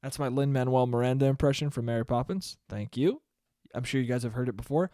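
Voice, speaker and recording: A man's voice: medium pitch, fast talker, dark tone, no echo, studio quality. A young man hosting a casual solo podcast, rambling in a profane, jokey way. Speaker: podcast host.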